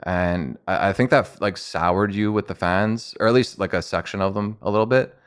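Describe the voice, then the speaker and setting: A young man hosting a casual streamed interview, relaxed and rambling, with lots of "like" and easy laughter. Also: sits low, normal speed, clear, resonant tone. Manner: laid-back, rambling, frequent "like". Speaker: stream host.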